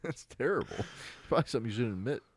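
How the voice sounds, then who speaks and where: A man's voice: medium pitch, expressive, racing, slightly rough, no echo. A young man co-hosting a podcast, blunt and teasing, swearing and laughing through casual chat. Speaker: podcast co-host.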